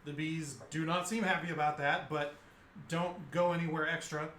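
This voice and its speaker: A man narrating a tabletop game as game master, halting and restarting often. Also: a little high, level tone, a bit bright, roomy sound, slight background noise.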